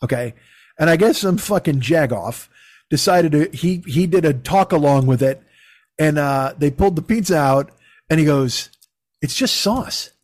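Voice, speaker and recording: Profane, high-voiced man on a podcast. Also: normal speed, dry recording. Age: middle-aged. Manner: profane, rambling, animated storytelling. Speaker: podcast host. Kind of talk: casual chat.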